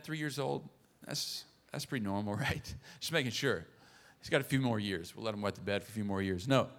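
Bright-voiced man preaching a sermon. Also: fairly high pitch. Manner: earnest, joking asides to the congregation. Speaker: pastor.

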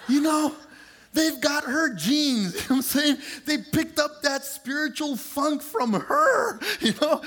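A middle-aged male pastor preaching a sermon, animated and confessional, joking with his congregation and stretching words out for emphasis. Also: a little slow. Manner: animated and confessional, draws out words, shifts pitch sharply for emphasis; lively, joking asides to the congregation.

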